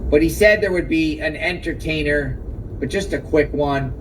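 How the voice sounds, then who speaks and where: A man's voice: on the high side, normal speed, recorded from a distance, background noise. A man giving emphatic live reaction commentary outdoors, exclaiming and repeating his key points.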